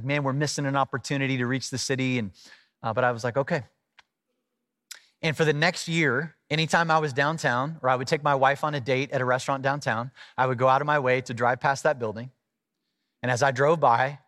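A middle-aged man preaching a sermon, telling a personal story in a conversational, animated way and acting out the voices of the people in it. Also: mid-range voice, no room sound, clean studio sound. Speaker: pastor.

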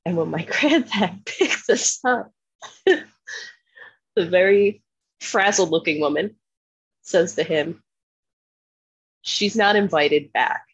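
A woman from Philadelphia telling a profane, animated story in casual podcast chat, laughing often. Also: on the low side, slow pace, pauses often, breathy edge, no echo, muffled recording. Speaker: podcast co-host.

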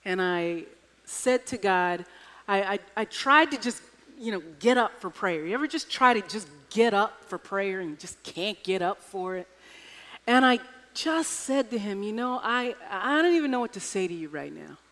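A woman's voice: medium pitch, measured pace, fairly bright tone. A woman preaching a sermon, telling a personal story with wry humor. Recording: echoey hall reverb.

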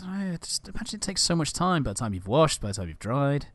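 A man's voice: on the high side, very animated, fast, a bit bright, no room sound. A man co-hosting a podcast in casual chat, making teasing, wry remarks. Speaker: podcast co-host.

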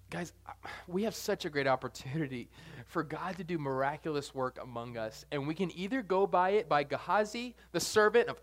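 Male preacher, high voice, animated and jokey delivery. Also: fairly quick. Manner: animated, jokey, swings between soft and loud. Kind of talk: sermon.

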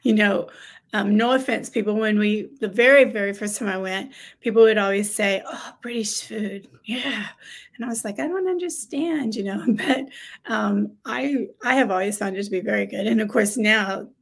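A woman's voice: medium pitch, steady tone, normal speed, vocal fry. An American woman co-hosting a casual talk show, chatty and bubbly, laughing often and trailing off into fillers. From United States. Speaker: co-host. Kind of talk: casual chat show conversation.

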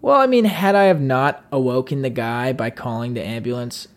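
A man's voice: medium pitch, normal speed. A man co-hosting a podcast, telling a long anecdote in a casual, rambling way and acting out the people in it. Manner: rambling, animated, acts out voices with yelling. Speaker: podcast co-host. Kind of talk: casual storytelling chat.

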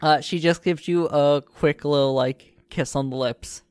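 A game master narrating a tabletop role-playing game, talking in a halting, unpolished way with many restarts and fillers. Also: mid-range voice, steady tone, a little mellow, smooth, no room sound. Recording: dry close mic, podcast over voice chat.

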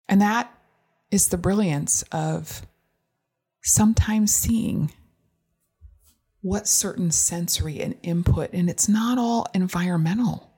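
A mother talking earnestly about her son, thoughtful and reflective, sometimes dropping to a soft near-whisper. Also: on the low side, slow pace, pauses often, breathy edge. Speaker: parent. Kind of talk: casual storytelling monologue.

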